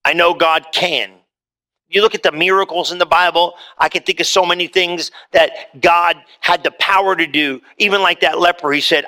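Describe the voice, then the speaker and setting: A man's voice: high-pitched, fairly even intonation, moderate pace, sharp tone. A man preaching a sermon in a plain conversational way, rising into emphatic readings of scripture before a congregation. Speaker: pastor. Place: church hall with congregation.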